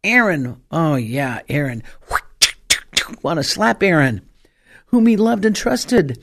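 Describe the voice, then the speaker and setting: A woman's voice: low voice, very animated, takes it slowly. An older woman evangelist preaching a sermon, firing rhetorical questions and pressing her points with emphasis. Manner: emphatic, rhetorical questions, rises to loud peaks.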